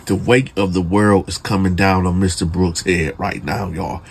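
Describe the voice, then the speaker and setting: A man's voice: low voice, fairly even intonation, normal speed, gravelly, hardly any pauses, slightly rough. A man telling a true prison story in casual, slangy talk, speaking straight to his listeners and building suspense. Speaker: storyteller host.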